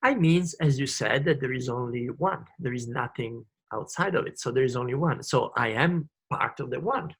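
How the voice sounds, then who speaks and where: A man's voice: medium pitch, normal speed, vocal fry, hardly any pauses, fairly bright tone, slightly rough. A man, a guest in a spiritual conversation, speaking emphatically and repeating his phrases.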